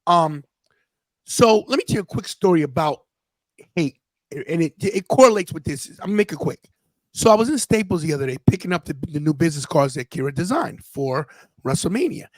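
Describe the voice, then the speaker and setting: A man's voice: on the high side, expressive, brisk, dry recording, poor audio. A man in his fifties hosting a podcast, telling a personal story in an earnest, casual way and often restarting his sentences. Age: 50s. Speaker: podcast host.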